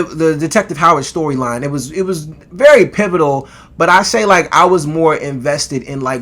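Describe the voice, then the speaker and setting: Man, casual TV review, emphatic, profane, fairly high voice. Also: fairly bright tone. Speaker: TV show reviewer.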